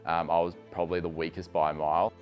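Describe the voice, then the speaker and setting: Really deep aussie bloke, chill and chuckly, light music underneath. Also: male voice, flat delivery, fast, highs cut off. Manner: easygoing, chuckles while talking. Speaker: runner. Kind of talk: casual interview.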